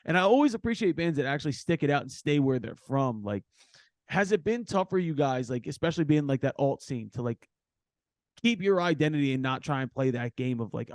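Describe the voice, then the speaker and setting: A man's voice: medium pitch, lively intonation, fast, a little mellow, no room sound. A man from Philadelphia hosting a casual interview, talking loosely with lots of fillers and swearing. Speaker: podcast host. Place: backstage studio.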